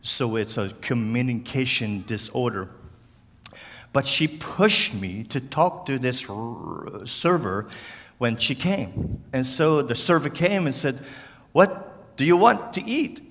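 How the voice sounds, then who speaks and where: A man from Cape Breton Island with a Cape Breton accent, speaking as a guest at church in a slow, halting way, with slurred words and restarts. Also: medium pitch, lively intonation, a bit bright. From Cape Breton Island, Canada. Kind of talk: church talk to a congregation. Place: church hall. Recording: church hall reverb.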